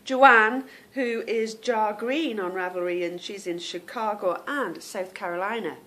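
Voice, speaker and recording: A woman's voice: medium pitch, a little slow, pushed and bright. A woman hosting a knitting podcast, chatting casually to viewers, rambling off on tangents and stumbling over unfamiliar names.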